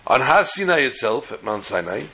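In this low-quality recording, a man with a medium-pitched, sing-song voice teaches a Torah class, his tone bright and forceful with some vocal fry. He moves at a moderate pace, explaining each step and often breaking off to rephrase mid-sentence. Jokes serve as his illustrations.

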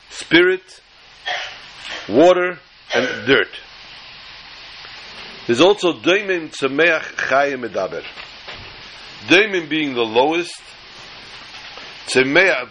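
Man, Torah teacher, chatty joking storyteller, bright voice, faint background noise. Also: on the high side, rough recording. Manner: chatty, joking, repeats words. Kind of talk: storytelling lecture.

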